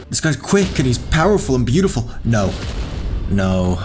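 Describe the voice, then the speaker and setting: A young man giving excitable, swearing commentary while playing a game, yelling at enemies. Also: mid-range voice, moderate pace, slight background noise. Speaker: gaming YouTuber. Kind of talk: live gameplay commentary.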